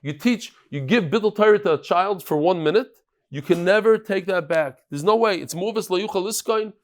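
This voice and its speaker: A man teaching a daily Talmud class in a casual, lively way, mixing English with Hebrew, Aramaic and Yiddish terms and telling stories with quoted voices. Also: sits high, moderate pace.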